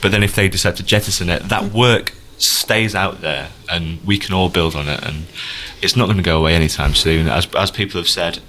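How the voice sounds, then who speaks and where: A man's voice: deep voice, a little fast, hardly any pauses, sharp tone, a little hiss or hum. A man co-hosting a podcast in casual chat, dry and wry as he reads listener comments aloud. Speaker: podcast co-host.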